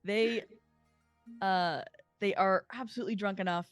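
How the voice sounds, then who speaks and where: A woman running a tabletop game as game master, talking in a halting way with many fillers. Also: mid-range voice, steady tone, no echo, soft background music.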